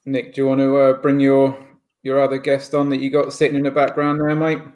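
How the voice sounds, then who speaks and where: A man's voice: medium pitch, completely flat delivery, fairly quick, a little mellow. An English man hosting a sports podcast, talking casually and hedging with "sort of". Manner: hedging, says "sort of" often. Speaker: podcast host. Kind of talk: casual chat.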